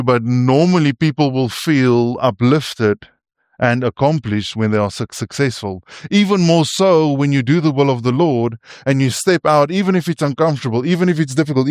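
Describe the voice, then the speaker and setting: A man's voice: mid-range voice, a little mellow, no echo, clean studio sound. A man preaching a sermon. He is earnest and often stumbles and restarts his phrases, and he turns to his listeners with asides.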